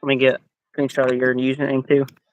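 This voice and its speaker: A man's voice: medium pitch, monotone, quick pace, dull audio. A man joining a live fishing stream as a guest, chatting casually and laughing easily.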